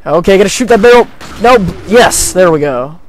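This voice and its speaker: A man's voice: high-pitched, animated, normal speed, slight background noise. A man casually commenting while playing a video game, rambling and joking at his own expense. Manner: rambling, jokey, self-deprecating. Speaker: let's play gamer.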